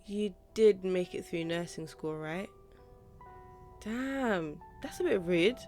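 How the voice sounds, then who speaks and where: A woman's voice: fairly low pitch, animated, slow pace, darkish tone, faint music behind. A young woman playing a horror game, chatting casually and reading character dialogue aloud in playful put-on voices. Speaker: let's play streamer.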